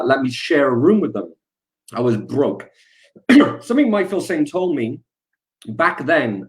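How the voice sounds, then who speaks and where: A man in his thirties talks over a video call with a casual, fired-up energy. He speaks as a webinar guest, pumping up the audience between stories, with a pitch that sits in the middle for a man. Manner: energetic, hype-building.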